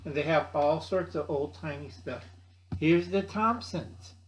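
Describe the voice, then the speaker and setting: A man in his sixties hosting a casual vlog, gruff and blunt, joking and acting out other people in a higher voice. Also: measured pace, a little hiss or hum. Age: 60s. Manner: gruff, blunt, jokey, calls himself by name. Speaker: channel host. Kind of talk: casual rambling chat.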